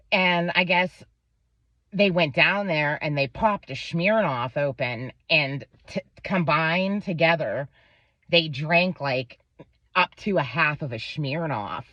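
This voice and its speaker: A woman's voice: low voice, dry recording. A woman in her thirties from Pennsylvania, casually telling a profane story about her kid and acting out the people in it. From Pennsylvania, USA. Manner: profane, animated retelling with quoted voices. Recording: dull lo-fi dry recording.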